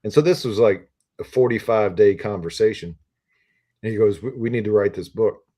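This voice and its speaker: A retired Army officer in his fifties guests on a podcast, rambling through stories packed with ums and uhs in a casual interview. His voice is fairly low and dark, and he talks at a moderate pace.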